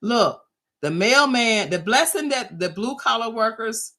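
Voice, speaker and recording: A woman with a bright, forceful voice gives a motivational talk to small business sellers. She hammers her points home through repetition and keeps checking in with her listeners. She is a lively storyteller who acts out the people she quotes. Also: a little high, measured pace. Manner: emphatic and repetitive, drives points home with "okay?".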